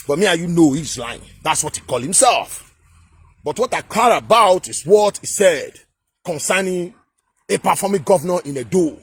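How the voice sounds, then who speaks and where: A Nigerian man rants to camera in a fired-up, shouting delivery, his voice pitched high and swinging widely up and down. There is a husky edge to every word as he hammers his points home through repetition. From Edo State, Nigeria. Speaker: political commentator. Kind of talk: impassioned political rant to camera.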